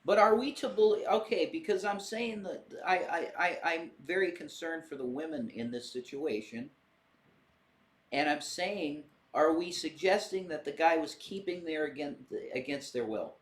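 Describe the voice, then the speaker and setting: A man's voice: fairly high pitch, a little slow. A man in casual chat, earnest and questioning. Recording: roomy echo.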